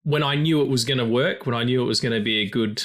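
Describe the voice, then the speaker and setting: This male film podcast co-host talks quickly in a mid-range, fairly bright voice. The chat is casual and loose, packed with fillers and plenty of swearing.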